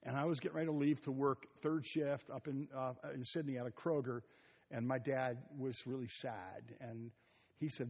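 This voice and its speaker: Husky-voiced preacher in a reverberant hall. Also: male voice, mid-range voice, steady tone, moderate pace, highs cut off. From Ohio. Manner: storytelling with asides and soft chuckles. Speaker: pastor. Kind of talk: sermon. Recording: long reverb of a large hall.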